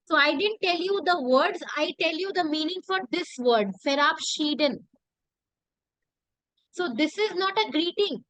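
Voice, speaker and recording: High-voiced woman teaching, dry close sound. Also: expressive, a bit bright, dry recording, poor audio. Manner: repeats phrases slowly, asks rhetorical questions. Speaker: language teacher. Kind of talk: classroom lesson.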